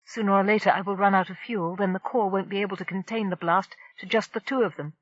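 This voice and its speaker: A woman's voice: medium pitch, fairly even intonation, quick pace, no echo, muffled recording, natural voice. A woman voicing a female brain ship who explains danger in an urgent, precise way. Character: female brain ship, calm and quick-thinking.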